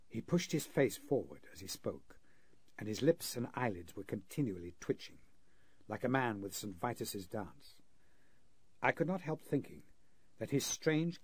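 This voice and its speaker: A man's voice: on the low side, darkish tone, breathy edge. A man playing an earnest male interpreter narrating a frightening ordeal in a 1930s radio drama. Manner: earnest, vivid storytelling.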